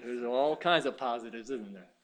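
A man preaching a sermon, telling stories and swinging from quiet asides to loud, high exclamations. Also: moderate pace. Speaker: pastor.

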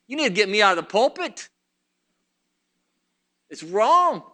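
A male preacher with a very high, piercing voice delivers a fervent sermon. He talks straight to the congregation and circles back over his points again and again. His tone stays tense and sharp throughout. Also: lively intonation, normal speed, long pauses.

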